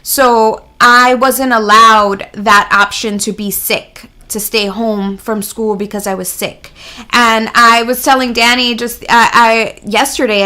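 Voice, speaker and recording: A woman's voice: on the high side, pushed and bright. A woman guest in an interview, candidly telling a personal story in an earnest, reflective way and laughing lightly mid-sentence.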